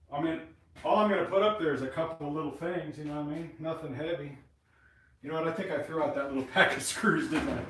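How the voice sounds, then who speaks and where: A man talks on his live stream from a private workshop, rambling from one complaint to the next and swearing often. His voice sits slightly high for a man. He is heard from some distance, with the room's echo around him. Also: a bit bright, slight background noise. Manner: rambling, profane, venting frustration. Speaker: webcam channel host. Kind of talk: casual live-stream talk while working. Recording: echoey room, mic far off.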